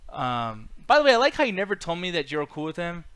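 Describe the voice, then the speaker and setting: A man's voice: high voice, huge pitch swings, quick pace, a crowd in the background. A man in his thirties hosting a live-stream chat, talking loosely and profanely with lots of fillers. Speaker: podcast host.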